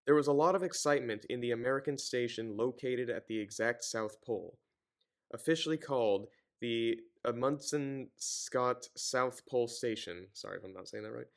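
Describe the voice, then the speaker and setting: A man's voice: mid-range voice, normal speed, creaky. A man reading a novel aloud, often stumbling, correcting himself and breaking off with sarcastic commentary. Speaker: reader and commentator.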